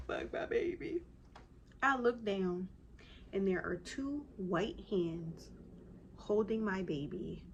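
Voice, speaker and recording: A woman at an ordinary medium pitch tells her story straight to camera in a relaxed, chatty way. She gets animated and pushes her voice high when she quotes other people. A soft hiss sits faintly under the recording. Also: lo-fi sound. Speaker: vlogger telling her birth story.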